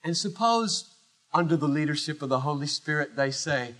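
A man preaching a sermon as pastor, emphatic, swinging from loud declarations to hushed low phrases with long pauses. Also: lively intonation.

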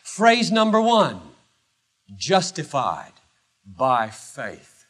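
A man preaching a sermon as pastor, emphatic, swinging from loud declarations to hushed low phrases with long pauses. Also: huge pitch swings.

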